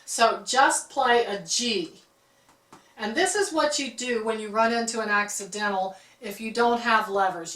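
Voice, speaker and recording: A woman's voice: mid-range voice, fairly bright tone, recorded from a distance. A woman teaching a harp lesson, explaining music terms patiently and often checking in with "okay". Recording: roomy, from off-mic.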